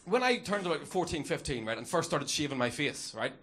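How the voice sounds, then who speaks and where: A man's voice: a little high, very animated, a bit bright. A young man doing rowdy, profane stand-up in front of a live club audience, jumping into little character voices. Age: young adult. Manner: rowdy, profane, acts out characters in quick bursts. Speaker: stand-up comedian. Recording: live club recording with crowd noise. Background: audience laughing and cheering.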